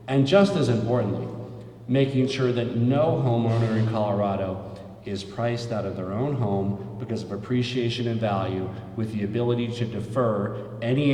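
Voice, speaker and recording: A man's voice: on the low side, warm tone. A man speaking as a state governor at a press conference, plain-spoken with frequent fillers. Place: large echoey press room. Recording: roomy, long reverb from the hall.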